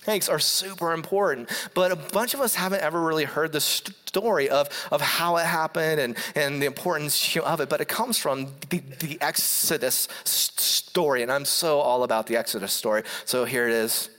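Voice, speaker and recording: A preacher giving a sermon to a congregation, reading scripture and then retelling it in a playful, animated way. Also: medium pitch, moderate pace, hardly any pauses. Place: church hall before a congregation. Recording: long hall reverb.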